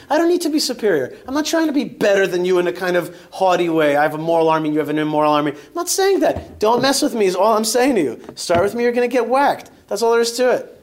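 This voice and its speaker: Man, high-pitched voice, synagogue talk, animated storytelling, emphatic, joking. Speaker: rabbi speaker.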